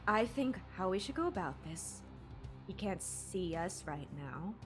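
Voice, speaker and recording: A woman's voice: lowish voice, very animated, a little slow, over music. A woman playing a tabletop game, playful and giggly. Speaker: player.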